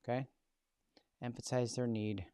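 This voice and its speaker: A man's voice: mid-range voice, fairly even intonation, measured pace, dark tone, smooth, dry recording. A man hosting a live-streamed tutorial, talking in a casual, chatty way with jokey asides to viewers. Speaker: host teaching a live session.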